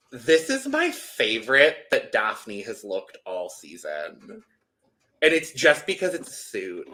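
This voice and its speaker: A podcast co-host talks in a rambling, chatty recap, peppered with "likes" and false starts. His voice is medium-pitched, pushed, and bright.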